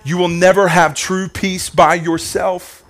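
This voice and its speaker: A high-pitched male pastor preaching with fervor. He rides a sing-song cadence, repeats phrases for emphasis and calls out to the congregation. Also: level tone, unhurried, fairly bright tone, faint music behind. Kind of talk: sermon.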